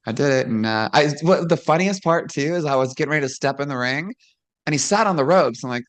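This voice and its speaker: Her voice low, expressive and fast, this woman who once wrestled professionally tells candid stories as a guest in a casual chat. She laughs frequently and performs the lines she quotes.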